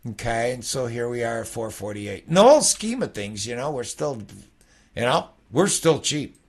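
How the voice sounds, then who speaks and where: Gravelly man rambling through market charts. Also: mid-range voice, sing-song, moderate pace. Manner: rambling, conversational, peppered with "okay?". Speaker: futures trading educator. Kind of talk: casual chart walkthrough.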